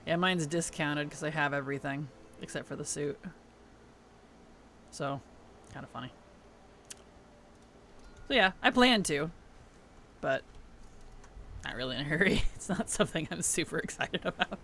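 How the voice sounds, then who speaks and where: A man's voice: on the high side, moderate pace, pauses often, pushed and bright, slight background noise. A man streaming a game, chatting casually, laughing often and greeting his chat as he plays. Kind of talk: casual gaming livestream chat.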